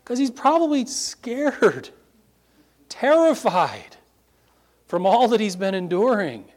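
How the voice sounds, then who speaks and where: A man, a pastor preaching a sermon, stressing words with sudden high lifts and then dropping low. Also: sing-song, slow. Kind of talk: closes in prayer.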